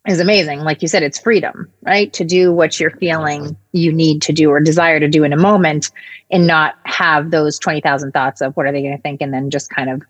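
A woman's voice: sits low, steady tone, fairly quick, no echo. A woman co-hosting a casual conversation, reflective and affirming. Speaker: podcast co-host.

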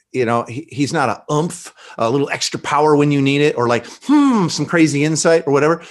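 A man talking about faith in a relaxed interview, animated and preachy, often quoting scripture and acting out dialogue. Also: mid-range voice. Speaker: pastor guest. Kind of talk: conversational podcast interview.

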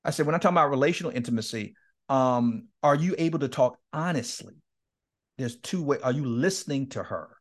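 A middle-aged man speaking as an interview guest, voice at an average pitch for a man. He tells stories with a lot of energy, laughs often, and acts out both sides of remembered conversations. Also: fairly quick. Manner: animated, laughs often, acts out quoted dialogue. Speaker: guest speaker and men's ministry leader. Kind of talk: candid storytelling in a podcast interview.

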